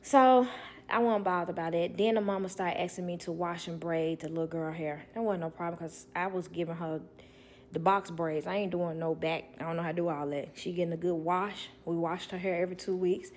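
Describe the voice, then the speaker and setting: Blunt, animated woman nanny storyteller. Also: lowish voice, a little fast, a little hiss or hum. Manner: blunt, animated, acts out others' lines. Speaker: nanny telling a work story. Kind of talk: casual storytelling to viewers.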